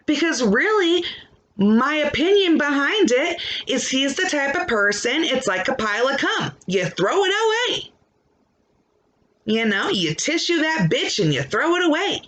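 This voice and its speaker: A woman's voice: high voice, big pitch swings, unhurried, a bit bright. A young adult woman podcast host ranting into her microphone, blunt, defiant and full of swearing. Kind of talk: ranting monologue.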